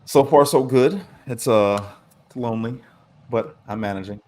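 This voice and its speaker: A man's voice: mid-range voice, moderate pace, darkish tone. Tired man telling stories casually. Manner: swearing, laid-back storyteller. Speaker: podcast host. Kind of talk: casual storytelling chat.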